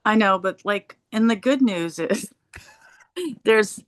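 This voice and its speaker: A woman's voice: medium pitch, animated, slow, pauses often, no room sound, studio quality. A woman in a casual group discussion, musing hopefully and rambling a little.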